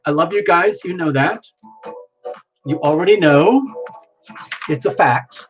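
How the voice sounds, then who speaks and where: A man's voice: fairly high pitch, measured pace, lo-fi sound, soft background music. A worn-out man hosting a tarot livestream, rambling casually and greeting viewers by name.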